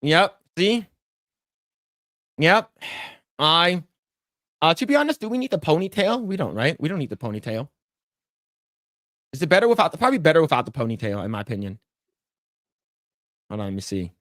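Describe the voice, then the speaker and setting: A man's voice: a little high, big pitch swings, normal speed, long pauses, fairly bright tone, no echo, clean studio sound. A man co-hosting a podcast, chatting casually while he draws, rambling and repeating himself and swearing freely when annoyed. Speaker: podcast co-host. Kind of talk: casual chat while drawing on stream.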